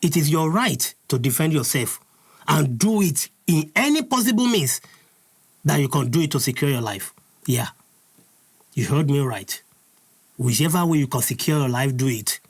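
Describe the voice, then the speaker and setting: Nigerian man, angry preaching host, raspy, somewhat high-pitched. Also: expressive, normal speed. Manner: furious, preaching, repeats his points. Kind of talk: impassioned commentary.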